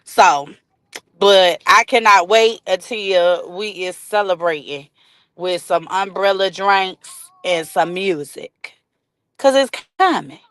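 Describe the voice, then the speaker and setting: A woman's voice: mid-range voice, slow pace, a bit bright, dry recording. A middle-aged woman, hosting a casual livestream, chatting and greeting viewers by name. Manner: chatty, reads and greets viewer comments aloud. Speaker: livestream host.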